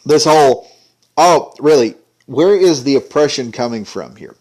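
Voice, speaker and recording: A man's voice: mid-range voice, lively intonation, unhurried, darkish tone. A man giving an indignant, sarcastic ranting commentary. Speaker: commentary vlogger.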